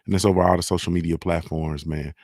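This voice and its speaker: A man's voice: low voice, steady tone, quick pace, darkish tone, slightly rough, dry recording, clean studio sound. A man hosting a casual solo morning show, talking in a laid-back way with lots of "man" and "you feel me" as he reads sponsor plugs. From Ohio.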